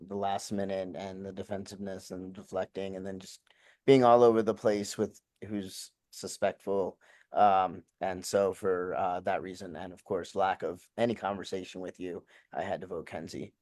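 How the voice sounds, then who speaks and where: A man contestant explaining his vote in a hesitant, halting way, full of filler words. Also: low voice, darkish tone, no echo. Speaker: game contestant.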